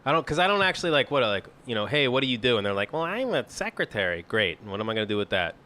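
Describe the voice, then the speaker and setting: Bright-voiced blunt comedian man. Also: on the low side, racing. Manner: blunt, profane, rambling with many "like"s. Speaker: podcast co-host, comedian. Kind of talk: casual podcast chat.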